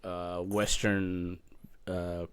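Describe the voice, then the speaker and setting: A man co-hosting a casual political discussion podcast, halting and searching for words as he talks. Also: deep voice, flat delivery, clean tone, no room sound, studio quality. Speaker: podcast co-host.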